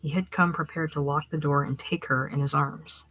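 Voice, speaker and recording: A woman with a notably low voice reads a short story aloud in a steady, even narration. Her delivery sometimes drops to a hushed near-whisper. The recording is close and dry, with no room sound. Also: moderate pace, husky, dry recording. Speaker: reader.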